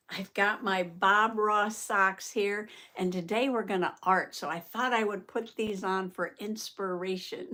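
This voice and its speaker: An older woman from Southern Indiana hosts a relaxed live art stream. She talks slowly and easily, greeting each viewer by name and laughing often. Her voice sits in an ordinary middle range for a woman. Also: mid-range voice. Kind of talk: casual live-stream chat.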